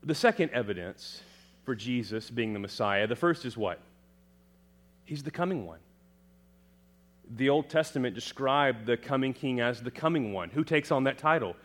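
Animated man preaching a sermon. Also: normal speed, pauses often. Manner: dramatic, rising to loud emphatic proclamations then dropping low; asks the congregation questions and answers them.

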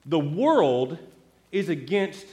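Man, sermon, rhetorical questions, swooping intonation, raised pitch. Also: slow. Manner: asks the audience rhetorical questions; animated, talks straight to the crowd. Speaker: preacher.

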